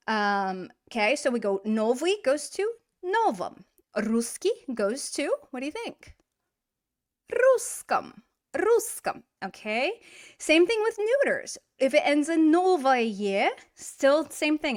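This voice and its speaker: A woman teaching a grammar lesson in a chatty, encouraging way, asking rhetorical questions and slowly drawing out example words. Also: a little high. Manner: drawn-out model pronunciation of example words. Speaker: Russian language teacher.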